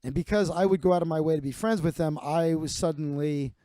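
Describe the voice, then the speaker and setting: A man's voice: fairly high pitch, steady tone, brisk, mellow. Rambling, profane man in his forties. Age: 40s. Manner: profane, rambling with many fillers and restarts. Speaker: comedian host. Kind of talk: rambling comic storytelling.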